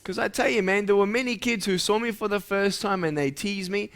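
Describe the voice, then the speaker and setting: Here the same young motivational speaker sounds high and smooth, with a fairly bright tone and a fairly quick pace. He keeps the kids engaged through questions and call-and-response chants in a playful, animated way.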